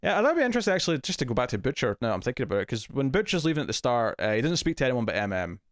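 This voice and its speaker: A man's voice: medium pitch, sing-song, very fast, dry recording, clean studio sound. A man co-hosting a TV review podcast in casual chat, talking loosely with lots of fillers and easy laughs.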